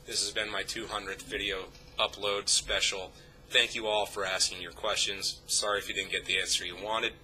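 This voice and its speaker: A man's voice: lowish voice, bright, forceful tone, slight background noise, poor audio. A young man telling a rambling, profane story to his vlog audience, full of fillers and restarts. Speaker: YouTube vlogger. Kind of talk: casual anecdote told to camera.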